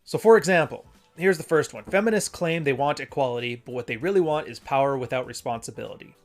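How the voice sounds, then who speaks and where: A man in the middle of his usual pitch hosts a casual stream, talking things through in a loose, conversational way. He often restarts his sentences and reads longer passages aloud. Faint music plays softly behind him. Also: fast. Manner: rambling, conversational, self-correcting. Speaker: host. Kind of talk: casual live-stream commentary and reading.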